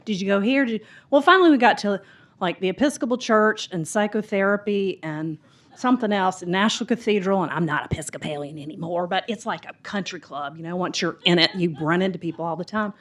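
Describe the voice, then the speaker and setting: A woman's voice: fairly low pitch, a little fast. Chatty Southern-drawled woman telling a story. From Mississippi and Tennessee, US South. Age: middle-aged. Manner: chatty, rambling, animated storyteller acting out quotes. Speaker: audience member. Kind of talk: rambling personal story in a Q&A. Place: bookstore event room.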